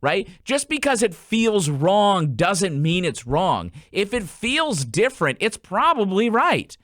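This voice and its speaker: A lively man talks golf technique like a coach on his own podcast, his pitch rising and dipping with energy as he acts out anecdotes. His voice sits a touch higher than most men's, and the recording is close and dry with no room sound. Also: takes it slowly, no room sound. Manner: animated storyteller, acts out quotes in changed voices. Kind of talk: casual podcast coaching talk.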